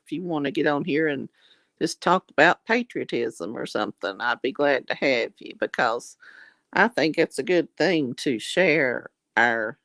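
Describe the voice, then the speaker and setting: A woman's voice: low voice, a bit bright, no echo. A woman with a Southern US accent chatting casually with viewers on a livestream, folksy and affectionate, calling people honey and blessing their hearts. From Southern United States. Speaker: livestream host.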